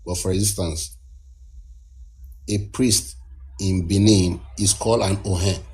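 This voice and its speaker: A man speaks in a fairly low voice. He talks earnestly and at length in a casual discussion, and he often restarts his phrases as he explains a point. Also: steady tone, takes it slowly, darkish tone. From Nigeria. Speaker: guest caller.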